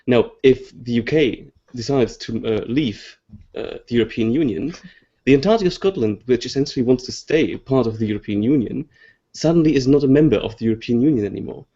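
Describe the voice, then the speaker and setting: A man's voice: medium pitch, warm tone, muffled recording. A man in casual chat who explains his point carefully and halts often on fillers.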